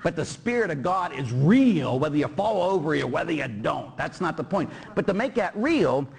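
A middle-aged Catholic priest tells stories in a homily, animatedly acting out the people in them and adding sound effects, tagging lines with "huh?" again and again. His voice is on the high side, creaky with a breathy edge, at a normal speed.

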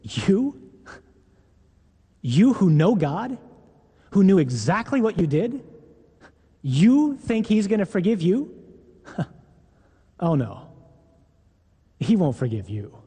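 A preacher doing the devil as a male tempter, coaxing and mocking by turns. The voice is dark and husky. A long reverb trails behind it as if in a big hall. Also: sits high, big pitch swings, takes it slowly, long pauses, voice pushed up, full character voice. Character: the devil, male tempter, sweet-talking yet accusing.

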